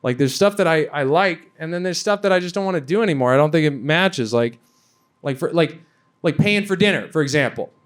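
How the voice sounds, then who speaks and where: A man's voice: a little high, lively intonation. Rambling young stand-up comedian, man. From Canada. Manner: rambling, halting delivery with many fillers. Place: comedy venue with a laughing audience.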